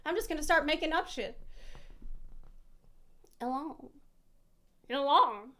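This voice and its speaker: High-pitched woman streamer, rambly, swears a lot while reacting. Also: a little slow, a bit bright. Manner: rambling, swearing, self-mocking. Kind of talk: casual reaction chat.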